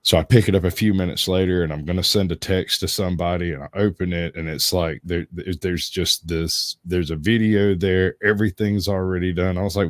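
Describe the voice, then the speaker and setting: A man with a very deep voice and a Southern US accent tells stories as a livestream guest, drawing out his phrases in a laid-back way. The sound is dry and close. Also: steady tone, brisk, no echo. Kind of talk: casual chat.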